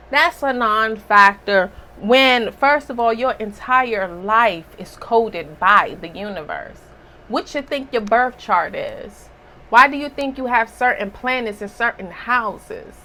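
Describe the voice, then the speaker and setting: Blunt, slow-talking woman spiritual reader. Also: on the high side, bright, forceful tone. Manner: blunt, emphatic, scolding. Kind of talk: casual spiritual monologue.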